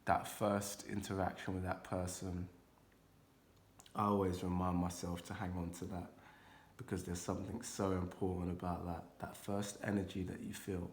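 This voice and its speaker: A young man talks his viewers through an intuitive card reading in a loose, rambling way, sprinkling in casual swearing. His voice sits deep and low. It stays level, with little rise and fall. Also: little pitch movement, normal speed, slight background noise.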